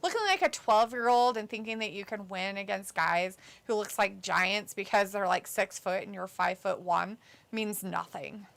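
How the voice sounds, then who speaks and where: Gravelly woman blunt live-stream chat. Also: medium pitch, normal speed, fairly bright tone. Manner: blunt, dismissive, reads chat aloud. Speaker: co-host of a wrestling watch-along stream. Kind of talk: casual live-stream chat reading viewer comments.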